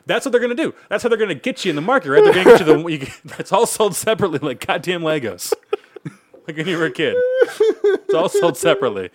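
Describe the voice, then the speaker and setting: A man's voice: sits high, wildly swooping pitch, quick pace, no echo. A man co-hosting a casual podcast chat, rambling, laughing often and joking crudely. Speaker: podcast co-host.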